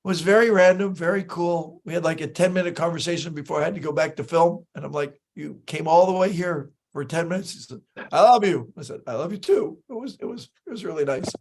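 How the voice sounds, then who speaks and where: Male guest-host, high voice, lively anecdotal storyteller who acts out dialogue. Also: quick pace, hardly any pauses. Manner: animated storyteller, acts out quoted lines, many fillers and restarts. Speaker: magician telling stories on a talk show. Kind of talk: casual anecdotal chat.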